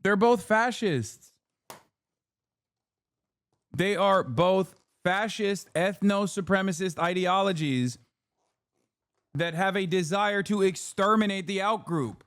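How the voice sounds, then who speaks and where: A male host on a live stream, reacting with emphatic, profane outrage. His voice sits a bit high for a man, and the sound is dry and close with no room echo. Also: slow pace, long pauses, a bit bright, clean tone. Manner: heated, profane, emphatic, rhetorical questions.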